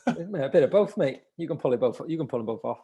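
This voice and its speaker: Husky laid-back man. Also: a little high, expressive, fast, warm tone. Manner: laid-back, says mate a lot. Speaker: podcast co-host. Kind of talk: casual chat.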